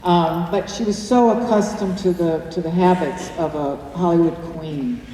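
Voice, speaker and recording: An older woman tells chatty stories at a cinema Q&A, laughing often. Her low, mellow voice is picked up from far off. It rings through a big echoey hall with faint room noise. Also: moderate pace. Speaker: actress answering audience questions. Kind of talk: post-screening Q&A. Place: cinema auditorium.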